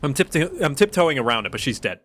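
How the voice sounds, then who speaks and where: A man's voice: mid-range voice, animated, fast talker, fairly bright tone. A man streaming a video game, joking casually and reacting with gasps while reading lines aloud. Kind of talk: casual let's-play commentary. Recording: game music playing behind.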